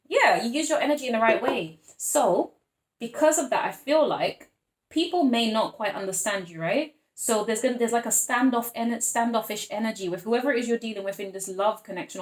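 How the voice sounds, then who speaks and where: A woman's voice: medium pitch, reverberant. A woman giving a casual tarot reading, chatty and blunt, swearing freely as she talks to her viewers. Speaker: tarot reader.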